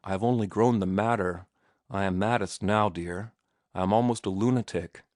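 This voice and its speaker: Man reading as a passionate young sailor, low gentle voice, earnest, dry close recording. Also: steady tone, moderate pace, no echo, close to an everyday voice. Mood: ardent, tender. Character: ardent young sailor-turned-writer, passionate.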